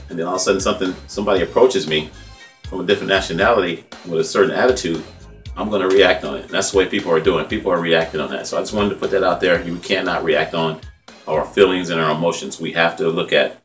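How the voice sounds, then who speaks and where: Speaking low with a slightly bright tone, a Californian man in his fifties, an independent journalist, rambles casually on his own vlog. He's heartfelt, conversational and repetitive, saying "man" a lot. Faint music plays behind a distant mic.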